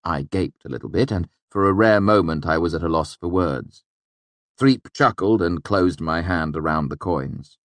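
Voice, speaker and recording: Brief: male audiobook narrator, lowish voice, expressive first-person reading, dry booth sound. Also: moderate pace, no echo. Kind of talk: scripted narration.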